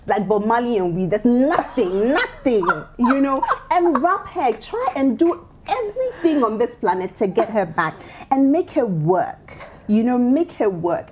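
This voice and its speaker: A woman co-host from Ghana giving playful, animated relationship advice on a casual panel talk show. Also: medium pitch, slightly rough. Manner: animated, playful, laughs while advising.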